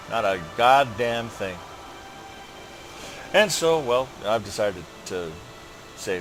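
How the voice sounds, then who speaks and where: A man's voice: on the low side, animated, measured pace, noisy background. A man hosting a gaming channel, rambling through a personal update while he plays, swearing often and ranting with frustration.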